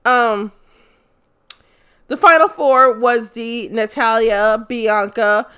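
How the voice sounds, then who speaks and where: Bright-voiced woman gushing and swearing. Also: on the high side, takes it slowly, clean tone. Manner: excited, profane, rambling with many fillers. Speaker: fan commentator. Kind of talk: casual recap of a wrestling event.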